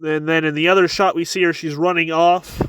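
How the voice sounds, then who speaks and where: A man's voice: a little high, little pitch movement, brisk, a bit bright, smooth, dry recording. A man giving a casual chapter review with wry asides, often stammering and repeating his words.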